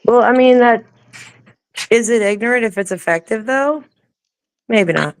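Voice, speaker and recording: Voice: medium pitch, unhurried, no room sound. A co-host in casual chat, chiming in with short agreements and opinions.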